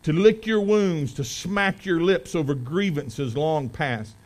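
High-voiced preacher guy, folksy sermon, gets loud then goes quiet and chatty in a church. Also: lively intonation, unhurried, few pauses, poor audio. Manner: folksy, swings from loud emphasis to quiet asides. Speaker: pastor. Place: church sanctuary.

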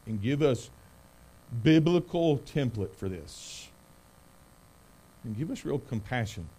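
A middle-aged preacher with a drawl, pitched midway for a man. He reads scripture in a sermon, leaning hard on key words. When he prays, he drops to a soft, hushed voice. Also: lively intonation, slow, slight background noise. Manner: emphatic preaching, rising loud on key words. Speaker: pastor. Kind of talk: sermon with scripture reading and prayer.

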